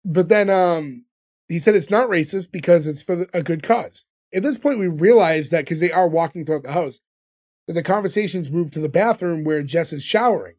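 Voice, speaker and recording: A man's voice: a little high, fairly quick, a little mellow. A man hosting a casual podcast, recapping scenes with lots of ums. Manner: recaps scenes with filler ums and quoted lines. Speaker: podcast host recapping episodes.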